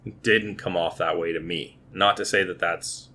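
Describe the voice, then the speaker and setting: A man's voice: low voice, steady tone, moderate pace, sharp tone, slight background noise. A man in his thirties co-hosting a podcast, chatting casually and restarting his words as he thinks. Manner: talkative, repeats words while thinking. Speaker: podcast co-host. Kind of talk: casual movie review chat.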